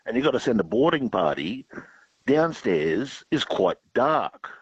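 A man's voice: lowish voice, husky, no echo. Playful male caller on a dull line. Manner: playful, hammy pirate banter. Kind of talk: phone-in chat telling jokes.

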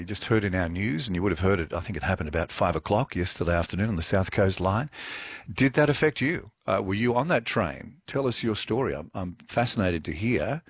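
A man's voice: sits low, slightly rough, dry recording. A middle-aged man with an Australian accent hosting a casual morning radio show, chatting in a meandering, self-correcting way. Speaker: radio host. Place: radio studio. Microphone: studio microphone.

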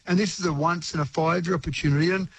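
A man from New Zealand with a matching accent chats briskly as a radio tech expert. His voice sits a little high for a man, and he explains things with easy, practical energy. A faint hiss runs underneath. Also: fairly even intonation, creaky, a bit bright, poor audio. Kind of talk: radio phone-in interview.

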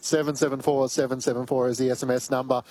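An Australian man hosting a weekend sports radio show, with a brisk and upbeat presenter delivery. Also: medium pitch, flat delivery, a little mellow.

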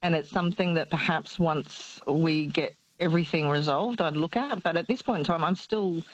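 A woman's voice: sits low, normal speed, muffled recording. A middle-aged woman calling in to a radio show, anxious and tired, talking hesitantly with many fillers and nervous laughs. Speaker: caller. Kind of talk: casual chat.

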